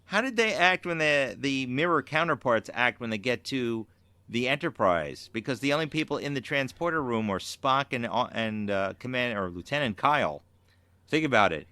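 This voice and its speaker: A male podcast co-host in casual chat, relaxed and quick to laugh. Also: medium pitch, smooth, no room sound.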